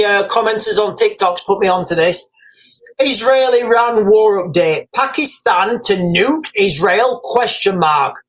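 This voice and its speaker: A man's voice: sits high, fairly bright tone, rough recording. A man hosting a live news commentary stream. He rambles, repeats himself, speculates aloud and reads viewer comments and headlines off the screen.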